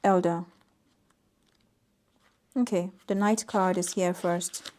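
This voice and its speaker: A woman giving an intuitive tarot reading to camera, reading out card meanings in a soft, gently emphatic way. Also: on the low side, steady tone, takes it slowly. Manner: soft-spoken, reads oracle card text aloud with gentle emphasis. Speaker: tarot reader.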